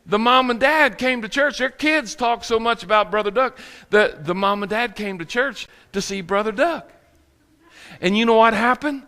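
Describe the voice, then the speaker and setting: Bright-voiced preacher man in reverberant hall. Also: extremely high pitch, moderate pace, clear, resonant tone. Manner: storytelling with acted quotes and laughter. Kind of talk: sermon. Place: church sanctuary.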